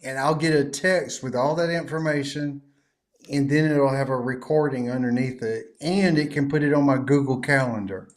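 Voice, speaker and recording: A man's voice: mid-range voice, normal speed. A man co-hosting a podcast, explaining things in an easygoing way. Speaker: podcast co-host. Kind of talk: casual podcast chat.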